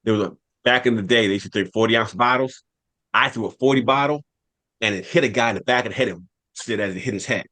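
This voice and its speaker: A man on a podcast telling a long personal story in casual talk, animated, repeating phrases for emphasis. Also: lowish voice, fast. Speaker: podcast cast member.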